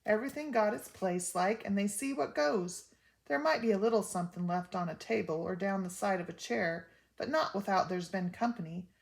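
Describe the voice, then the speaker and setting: A woman's voice: medium pitch, moderate pace, creaky, natural voice. An older woman voicing a tired, plain-spoken father in a storybook, with folksy, ungrammatical speech. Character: weary old-fashioned father, small man.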